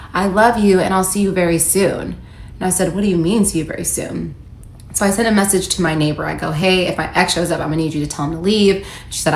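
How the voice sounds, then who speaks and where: Candid woman telling her story, echoey room. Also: on the low side. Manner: candid, animated, quotes texts aloud. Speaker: storyteller recounting her divorce. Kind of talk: casual storytelling to camera. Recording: echoey room, faint ambience.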